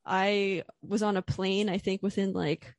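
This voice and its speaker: A woman's voice: mid-range voice, little pitch movement, unhurried, dry recording. A young woman hosting an interview podcast, chatty and given to laughing. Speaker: podcast host. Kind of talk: casual interview.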